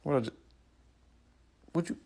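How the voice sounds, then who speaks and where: A person voicing a streetwise pet in a comic dub, talking in slang and quickly backing down into pleading. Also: a little mellow, natural voice. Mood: confrontational. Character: streetwise pet annoyed by a paw.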